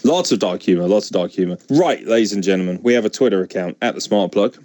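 A man's voice: lowish voice, lively intonation, quick pace, darkish tone, no room sound, clean studio sound. A young English man with an English accent hosting a podcast in casual, blunt, joking chat. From England. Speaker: podcast host.

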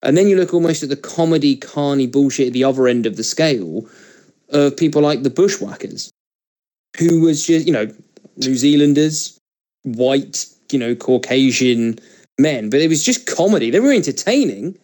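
A man's voice: medium pitch, expressive, moderate pace, warm tone. A man co-hosting a casual podcast, talking in an opinionated way and swearing casually. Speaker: podcast co-host.

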